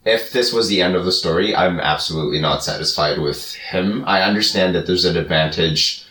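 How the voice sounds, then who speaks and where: A man co-hosting a podcast, talking in a measured, deliberate way and laughing often. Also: low-pitched, pushed and bright. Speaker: podcast co-host. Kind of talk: casual chat. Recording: roomy sound, mic at a distance.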